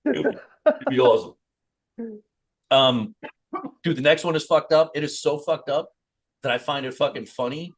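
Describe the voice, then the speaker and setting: His voice sits on the high side, moving at normal speed with long pauses, as he co-hosts a podcast. He chats casually and animatedly, swearing a lot and dropping into mock voices.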